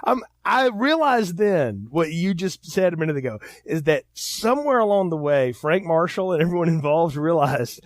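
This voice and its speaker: A man with a fairly high voice, co-hosting a film review podcast. He talks casually and with energy, and now and then quotes movie lines in put-on voices. The sound is dry and close. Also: very animated, normal speed, few pauses, dry recording. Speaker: podcast co-host.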